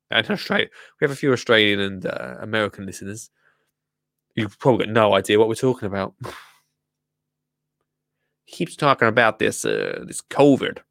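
A man's voice: medium pitch, fairly bright tone, clean tone, dry recording, clean studio sound. A man with an English accent hosting a live show, chatting casually with a jokey, rambling manner. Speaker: show host.

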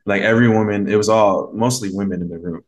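A man with a fairly low voice chats as a podcast guest, a mindset coach who tells his story in a loose, meandering way. He leans on fillers and slips into quoted voices as he goes. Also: fairly even intonation, fast talker, slight background noise. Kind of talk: casual conversational storytelling.

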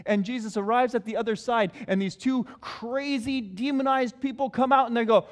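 A man's voice: extremely high pitch, fairly even intonation, moderate pace, hardly any pauses, in a large hall. A male pastor preaching a sermon in a conversational way, repeating his key phrases.

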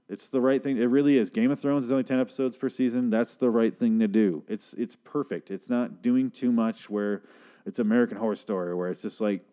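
A man's voice: mid-range voice, warm tone. A man hosting a casual solo podcast, rambling and profane with sarcastic asides, tired and struggling for words. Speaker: podcast host.

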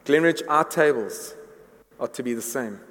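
A man's voice: mid-range voice, a little slow, a bit bright. Earnest male preacher in an echoing hall. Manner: earnest, repeats words when building a point. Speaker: pastor. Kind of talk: sermon. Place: church hall. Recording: long reverb of a large hall.

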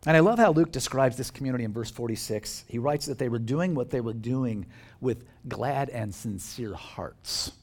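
A man's voice: mid-range voice, moderate pace. A male pastor giving a conversational sermon in a church, joking with the congregation and asking them questions. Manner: conversational and animated, jokes with the congregation.

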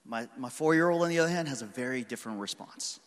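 A pastor in his thirties, with an animated mid-range voice, speaks fast as he tells his congregation a story about his daughters. His tone is earnest and conversational, and the hall is reverberant.

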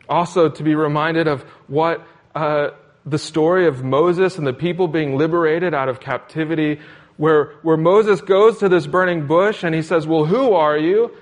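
A man's voice: a little high, moderate pace. A man preaching a sermon in an earnest, repetitive cadence, asking questions as he goes. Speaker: pastor.

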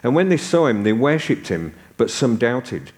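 A man's voice: mid-range voice, big pitch swings, normal speed, darkish tone. A man in his sixties from the north of England, preaching a sermon and telling stories with humor. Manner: conversational storytelling with humor.

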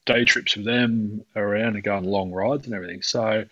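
Man, coach, podcast chat, lowish voice, rambling, laughs a lot, dull lo-fi sound, dry close mic. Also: fairly even intonation, a little fast, pushed and bright, no room sound. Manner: rambling, laughs often, acts out quoted voices. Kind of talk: casual podcast conversation.

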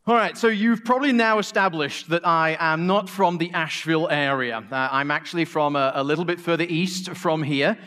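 A man's voice: fairly high pitch, brisk, few pauses, sharp tone, smooth. A middle-aged man from England with a Manchester accent, preaching a sermon in a conversational, joking way. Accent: Manchester English. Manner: conversational and joking, with a few restarts.

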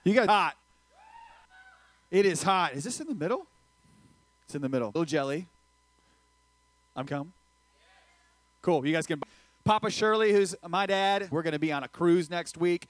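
A man preaching a casual sermon to a youth group, energetic and joking, talking straight to the crowd. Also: on the high side, normal speed, long pauses, no echo, low-quality recording. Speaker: youth pastor.

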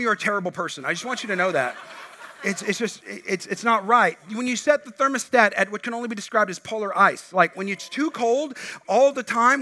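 A middle-aged man preaching from the pulpit, his voice bright and a touch higher than most. He is animated, throwing out loud, emphatic bursts and then dropping into quiet, low asides. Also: fairly quick. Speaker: pastor. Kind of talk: sermon.

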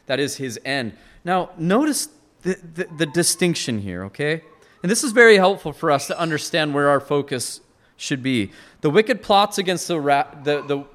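A man's voice: fairly high pitch, fairly bright tone. A man preaching a sermon, earnest and expository, rising to emphatic peaks and often restarting his words. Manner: frequent restarts and repeated words.

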